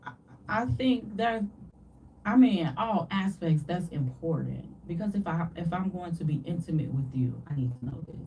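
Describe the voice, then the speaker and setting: A woman co-hosting a casual radio talk show, frank and a little halting. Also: fairly low pitch, animated, dark tone, far from the mic, a little hiss or hum, low-quality recording.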